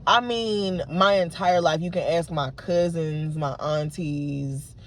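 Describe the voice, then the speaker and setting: Her voice sits low and she takes her time, a woman in her late twenties vlogging straight to camera without edits. Frustrated, she retells an argument in a casual monologue, leaning on fillers and frequently restarting.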